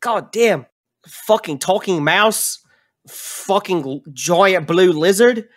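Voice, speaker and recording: A man's voice: sits high, expressive, slow pace, voice pushed up. A man doing a foul-mouthed Australian dwarf. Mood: grumbling. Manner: swears constantly, loud and hot-tempered. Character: short heavy foul-mouthed male dwarf.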